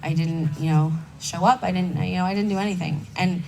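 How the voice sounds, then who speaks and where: On a conference hall stage, a young woman speaks candidly at a recovery meeting, telling her personal story conversationally with self-mocking asides. Her voice is lowish, gravelly and darkish, steady in tone and fairly quick. The distant mic catches faint background noise.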